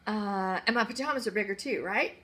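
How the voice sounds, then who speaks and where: A woman's voice: medium pitch, a little fast, fairly bright tone, lightly acted. A woman voicing a polite, nervous young boy who hesitates and stammers in a storybook reading. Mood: eager.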